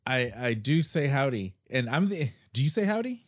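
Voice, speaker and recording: A man hosting a podcast, chatting casually and telling halting, rambling stories. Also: medium pitch, very animated, no room sound, clean studio sound. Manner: rambling, halting storyteller with restarts. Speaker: podcast host. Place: Seattle.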